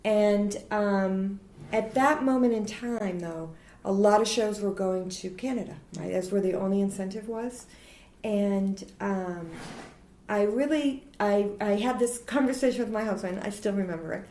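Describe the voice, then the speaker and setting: A woman in her forties chats as a guest, telling stories at an easy pace and acting out the lines of people in them. Her voice sits at a middle pitch. The room lends it a clear echo. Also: unhurried. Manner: animated, laughing, acts out quotes. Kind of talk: casual interview storytelling. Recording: roomy echo.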